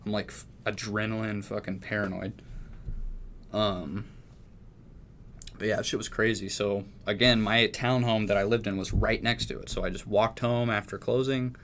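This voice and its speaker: A man's voice: lowish voice, steady tone, moderate pace, a bit bright, a little hiss or hum. A young man from Texas telling a story in casual chat, rambling and swearing freely. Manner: profane, rambling, laid-back. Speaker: music producer.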